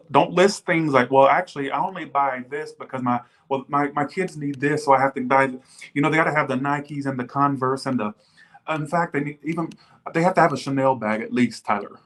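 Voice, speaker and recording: A man's voice: medium pitch, a bit bright. A man giving a casual tarot reading to viewers, blunt and profane, who often slips into mock replies from imagined viewers. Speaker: tarot reader.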